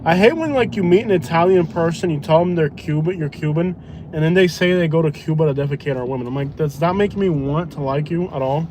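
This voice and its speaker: A man's voice: fairly high pitch, quick pace. A man, a delivery driver, chatting and telling rambling jokey stories while he drives. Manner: joking, rambling storyteller. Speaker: food delivery driver and live streamer. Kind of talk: casual chat while driving. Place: inside a vehicle on the road. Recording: noisy car interior.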